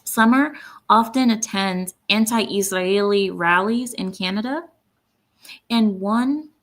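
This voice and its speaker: A woman's voice: mid-range voice, takes it slowly, fairly bright tone, a little hiss or hum. A woman hosting her own commentary channel, speaking bluntly and with indignation, often breaking off to read quotes aloud. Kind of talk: opinionated solo commentary.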